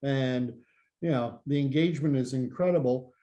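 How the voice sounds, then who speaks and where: A man's voice: mid-range voice, normal speed, warm tone. A man talking casually on a podcast, often repeating words as he thinks. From Canada.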